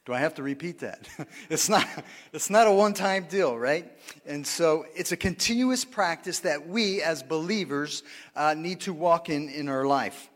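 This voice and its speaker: A man's voice: on the high side, normal speed, fairly bright tone, long reverb tail. A pastor preaching a sermon in a conversational way, often asking the congregation for responses and laughing at his own lines. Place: church sanctuary.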